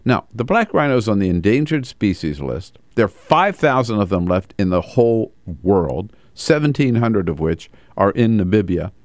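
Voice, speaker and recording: A lively American man hosting a talk show, voice rising and falling freely as he riffs. His tone sits on the low side and sounds close and dry, with no room around it. He jokes and laughs easily. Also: normal speed, few pauses, dry recording. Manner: wry, animated, laughs easily. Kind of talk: casual political talk.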